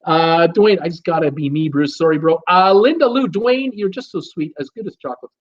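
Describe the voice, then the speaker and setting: A man's voice: fairly high pitch, a little fast. Chatty man hosting a lo-fi live stream. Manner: chatty, upbeat, reads names and greetings aloud with many fillers. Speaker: host of a live cruise chat show. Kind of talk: live stream reading viewer comments.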